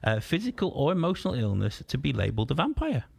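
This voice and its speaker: A man's voice: medium pitch, huge pitch swings, fast, gravelly, husky, no room sound. A man hosting a casual podcast, jokey and rambling, tripping over words. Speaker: podcast host.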